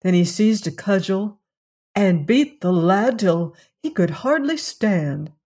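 A storyteller reading a fairy tale aloud in a slow, measured manner. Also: mid-range voice, animated, a little mellow.

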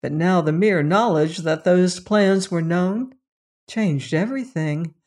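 An audiobook narrator reading a story in a steady, measured manner. The voice sits at an ordinary middle pitch and moves through the prose evenly. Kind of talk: scripted narration.

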